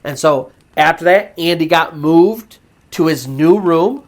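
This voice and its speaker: He's a storyteller host whose voice runs on the high side and who takes his time. On his channel he recounts a true ghost story casually, stumbling through fillers and restarting sentences.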